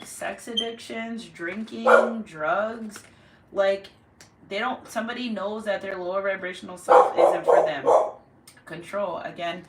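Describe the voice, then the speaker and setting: A woman with a mid-range voice gives a casual tarot reading to camera from a room at home, chatty and emphatic, repeating her points. The recording is echoey, with the mic far off and heavy background noise.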